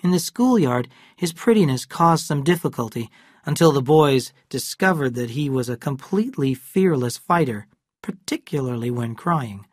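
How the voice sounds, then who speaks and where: Clear, steady storybook narrator. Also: medium pitch, normal speed, dry recording, clean studio sound. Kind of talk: scripted narration for English learners.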